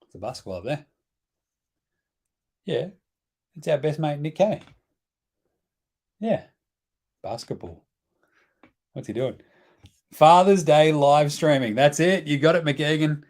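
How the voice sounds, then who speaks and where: A man's voice: on the high side, animated, slow, long pauses, a little mellow. Australian male host, casual live stream banter, joking and chatty. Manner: joking, chatty, talks to his baby.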